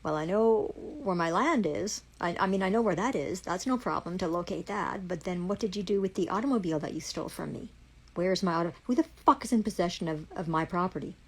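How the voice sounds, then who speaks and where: A Canadian woman speaks on a livestream in a husky, gravelly voice that sits a little low. She swears constantly and lays out her grievances in a heated, accusing way. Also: animated, a little fast, low-quality recording. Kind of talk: angry livestream rant.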